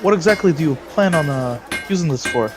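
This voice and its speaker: A man voicing a gruff, bald male dwarf blacksmith who talks with hesitant fillers. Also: a little high, animated, a little fast, loud music behind the voice, lightly acted. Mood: apologetic. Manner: hesitant, filler-heavy speech.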